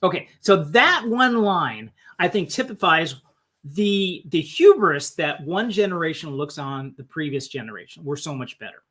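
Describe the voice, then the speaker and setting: A man's voice: on the high side, expressive, moderate pace, fairly bright tone. A man hosting a live-stream film discussion, thinking aloud and often restarting his sentences. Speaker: host.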